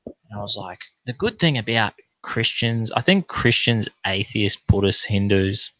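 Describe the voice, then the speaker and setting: A man's voice: lowish voice, expressive, a little slow, bright, forceful tone, no room sound, highs cut off. A young Australian man ranting bluntly and profanely in a casual rambling monologue to his online viewers. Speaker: online streamer.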